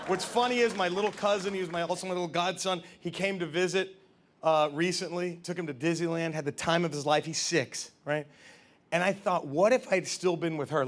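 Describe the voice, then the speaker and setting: A man performing a stand-up comedy set, telling confessional stories and jumping into loud character voices. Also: sits high, slight background noise.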